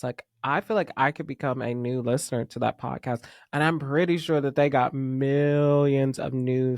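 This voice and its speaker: A man hosting a casual pop music podcast, talking in an excitable, gushing fan manner with sudden whispers. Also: mid-range voice, no room sound, studio quality. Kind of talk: casual chat.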